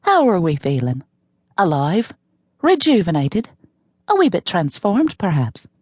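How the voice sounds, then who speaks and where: A woman's voice: fairly low pitch, wildly swooping pitch, unhurried, darkish tone, breathy edge, no room sound, full character voice. A woman doing a lilting Irish fitness guru. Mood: cheerful. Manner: lilting, coaxing. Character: cheerful fearless female Irish fitness guru.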